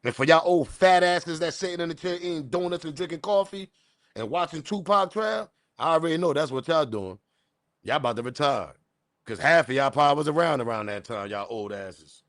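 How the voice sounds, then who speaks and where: A fired-up man with a fairly high voice rants during his livestream news show, loud, heated and expressive at a brisk pace. He swears and yells straight at the chat. The mic is close and dry, with no echo.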